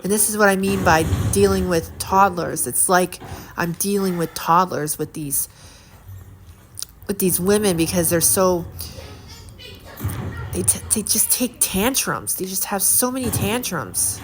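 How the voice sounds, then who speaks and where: A middle-aged woman with a lowish voice delivers a casual vlog monologue. She rambles with fillers and repeats herself, sounding indignant. Steady background noise sits under the recording. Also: measured pace. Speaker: vlogger.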